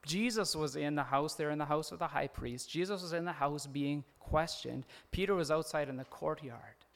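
A man's voice: on the high side, moderate pace, gravelly. A man preaching a sermon in a conversational way, often laughing and acting out the quoted lines. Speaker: pastor.

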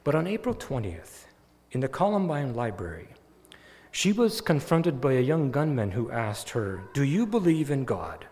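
In a medium-pitched voice at an ordinary pace, a preacher recounts a story during his sermon, his animated delivery rising again and again to loud, emphatic highs. The sound rings with long hall reverb.

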